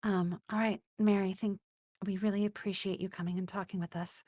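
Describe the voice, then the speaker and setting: A woman's voice: mid-range voice, flat delivery, brisk, dark tone, no room sound, studio quality. A woman player in a tabletop game, thoughtful and musing aloud over a voice call. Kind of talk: casual game chat.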